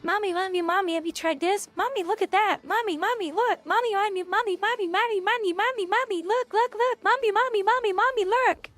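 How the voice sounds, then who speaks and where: A woman's voice: extremely high pitch, brisk, few pauses, fairly bright tone, pitched above the performer's own voice. A woman imitating a small child nagging for its mother's attention, repeating the same call over and over. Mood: whining. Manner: repetitive, pestering. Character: whiny little child nagging its mommy.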